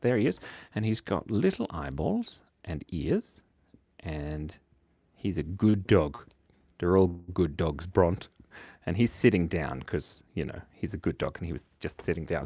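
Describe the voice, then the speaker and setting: A man with a lowish voice that bounces up and down constantly, silly and playful as he chats to viewers over a drawing stream. The sound is close and dry, with no room around it. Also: sing-song, moderate pace, a little mellow, slightly rough, no room sound. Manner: playful, silly, reads chat aloud. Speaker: drawing livestream host.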